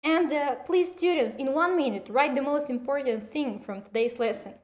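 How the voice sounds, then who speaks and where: A woman teacher giving a recorded lesson to her students. She talks in a deliberate, instructive way with slightly non-standard English phrasing, poses questions and answers them herself, and praises her class often. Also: high-pitched.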